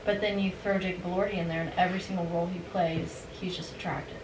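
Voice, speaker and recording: A woman's voice: lowish voice, level tone, fast talker. A woman guest in a casual podcast chat, candid and chatty, often saying "like.". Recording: echoey room, distant mic, hiss.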